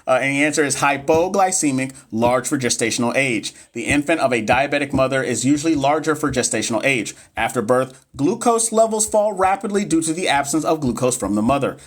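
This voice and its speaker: A man in his thirties tutoring nurses on a livestream, reading exam questions and joking with the chat. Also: mid-range voice. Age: 30s. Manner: chatty, joking, reads questions aloud to the chat. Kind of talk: casual livestream teaching.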